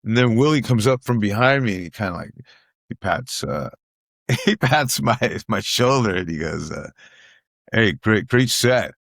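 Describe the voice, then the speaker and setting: A man's voice: lowish voice, expressive, moderate pace, gravelly, a bit bright, no echo, studio quality. A middle-aged man, a guest comedian telling stories in casual chat, who repeats phrases for emphasis and acts out what other people said.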